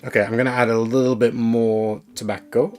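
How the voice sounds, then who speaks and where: A man's voice: medium pitch, flat delivery, fairly quick, soft background music. A man chatting casually on a live stream as he works, thinking aloud and talking to his viewers.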